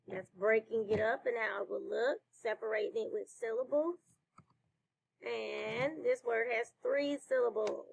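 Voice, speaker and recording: A woman teacher leading a slow phonics lesson for children, praising answers. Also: on the high side, fairly even intonation, slight background noise, low-quality recording. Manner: slow, clear classroom delivery with praise.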